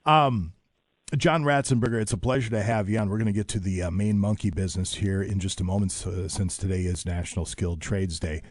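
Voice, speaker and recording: A man's voice: low-pitched, steady tone, no room sound. A man hosting a morning radio show, chatting in a jokey, rambling way from a radio studio. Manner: jokey, rambling, quick asides. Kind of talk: casual radio chat.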